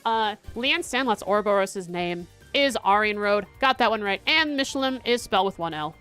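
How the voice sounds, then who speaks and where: A young woman livestreaming as she plays a quiz, chatting casually and thinking aloud with halting restarts. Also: mid-range voice, expressive, a bit bright, clear, resonant tone, faint music behind. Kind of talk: casual livestream chat while playing a quiz.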